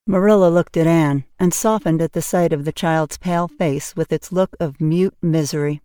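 A woman's voice: deep voice, moderate pace, few pauses, dark tone, smooth, dry recording. Woman narrating an audiobook, dry sound. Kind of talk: scripted narration.

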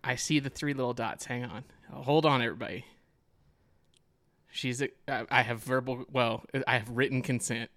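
A man's voice: mid-range voice, steady tone, moderate pace, fairly bright tone. A man co-hosting a casual podcast, joking and self-deprecating as he banters with his friend. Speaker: podcast co-host.

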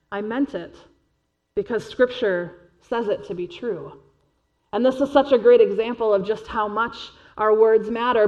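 A woman pastor preaching a sermon in an earnest, measured way, dropping quietly for emphasis. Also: on the high side, lo-fi sound.

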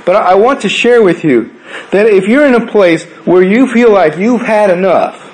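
Male pastor, slightly higher voice, preaches conversationally with rhetorical questions and swings from emphatic to hushed. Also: expressive, normal speed, rough recording. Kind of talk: sermon.

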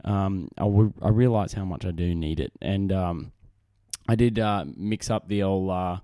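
Recorded on an on-camera desk mic with clean studio sound and no echo, this young Australian podcast host speaks in a low, mellow voice at a measured pace. Alone on his casual show, he rambles, runs himself down, and keeps restarting and using fillers.

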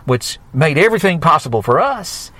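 A male preacher, delivering a fervent sermon that builds with rising emphasis and drawn-out words. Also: fairly high pitch, very animated, a bit bright.

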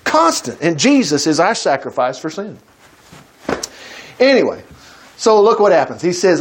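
A man preaching a sermon, retelling a Bible story in a folksy, animated way with frequent chuckles. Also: sits high, moderate pace, long pauses, slight background noise.

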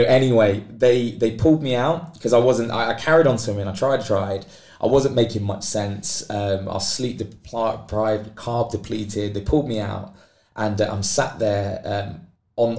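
A man, a podcast guest telling a long story and acting out the voices of the people in it. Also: lowish voice. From Britain. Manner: animated, acts out quoted voices. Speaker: guest athlete. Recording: roomy echo.

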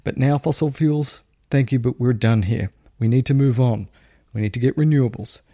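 A middle-aged Australian man hosting a casual solo podcast, speaking quietly with a wry, showman's repeated catchphrases. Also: medium pitch, normal speed, dry recording, studio quality. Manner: hushed, talking quietly because a baby sleeps. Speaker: daily podcast host.

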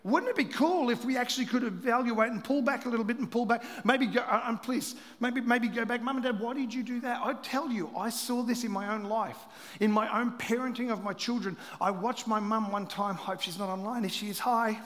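A middle-aged pastor delivers a sermon in a raised, high-pitched voice, telling stories with lively swings between loud passages and hushed asides. His voice rings out with a long reverb tail, as if from a large church hall. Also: fairly quick.

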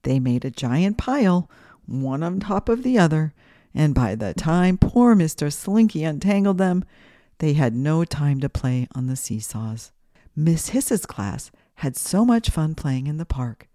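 A woman's voice: deep voice, sing-song, measured pace, mellow, no room sound, studio quality. A woman hosting a children's podcast, reading a story aloud and guiding breathing exercises in a sing-song, guiding way.

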